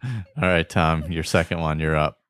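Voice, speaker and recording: A man's voice: rumbling low, moderate pace, a bit bright, smooth, no room sound. A man hosting a casual movie guessing game, jokey and reading out clues with laughs. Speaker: podcast host running a movie guessing game. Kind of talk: casual chat.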